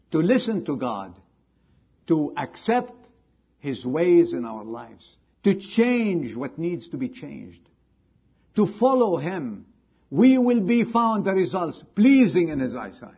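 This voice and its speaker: A man's voice: a little high, sing-song, slow, husky, muffled recording. A man preaching a sermon, earnestly repeating rhetorical questions to his congregation, in slightly non-native phrasing. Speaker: pastor.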